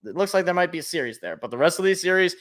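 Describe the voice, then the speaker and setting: A man hosting a casual sports podcast, talking in an animated, jokey way and thinking aloud. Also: high voice, very fast. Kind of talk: casual chat.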